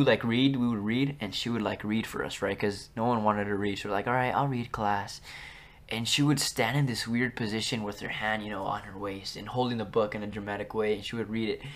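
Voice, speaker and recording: A young man hosting a podcast, telling stories from his school days in a chatty, rambling way, full of fillers and restarts. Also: mid-range voice. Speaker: podcast host. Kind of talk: casual storytelling.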